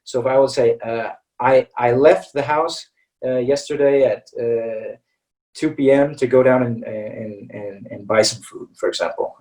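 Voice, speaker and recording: A man with an American accent teaching English vowel pronunciation in a webinar, patiently modelling each sound slowly and checking in with "okay?" after nearly every phrase. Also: mid-range voice, fairly even intonation, darkish tone, recorded from a distance, poor audio. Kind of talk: webinar lesson.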